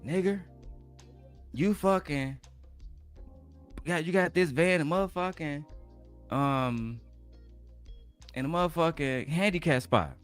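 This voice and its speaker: A man's voice: on the high side, slow pace, pauses often, faint music behind, voice pushed up. A man imitating an angry, hostile old man while retelling a confrontation, his voice snarling and indignant.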